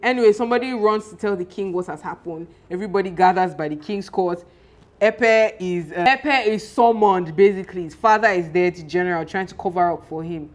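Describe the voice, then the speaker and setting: A young woman, casually chatting and recapping a TV series in an animated, exclaiming way. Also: lowish voice, brisk. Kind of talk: casual chat.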